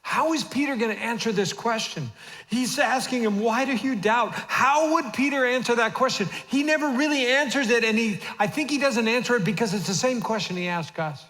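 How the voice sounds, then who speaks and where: A man in his fifties preaching a sermon as senior pastor in a church auditorium, moving from hushed asides to shouted emphasis. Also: extremely high pitch, fairly quick. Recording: long reverb of a church hall.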